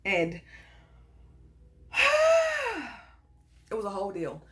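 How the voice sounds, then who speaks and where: A woman telling a personal story in a casual, animated and emphatic way, full of sass. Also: a little high, extremely slow. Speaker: storyteller vlogger.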